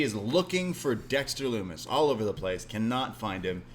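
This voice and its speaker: A man's voice: fairly low pitch, normal speed, slight background noise. A man co-hosting a live wrestling review stream, recapping the episode in casual chat and acting out the characters' lines in goofy voices. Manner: animated, acts out quotes in silly voices. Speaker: podcast co-host.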